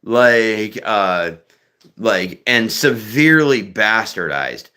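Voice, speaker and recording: A livestream host chats casually in a fairly low, expressive voice that's clear, resonant and sharp-toned, and he takes his time. His talk is profane and rambling, full of fillers and restarts.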